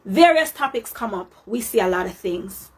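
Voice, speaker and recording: A woman's voice: medium pitch, lively intonation, normal speed, slightly rough. A woman with a Jamaican accent giving an earnest opinion to camera, lecturing and slipping into patois.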